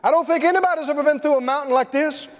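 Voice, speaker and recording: Brief: preacher putting on a worn-out believer man, high and wailing, swooping complaints in a long echoing hall. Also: racing. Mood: lamenting. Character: weary struggling male believer, groaning.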